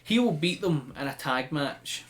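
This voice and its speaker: A man hosting a podcast, telling things in a chatty, animated way with frequent laughs. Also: a little high, measured pace. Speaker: podcast host. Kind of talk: casual chat.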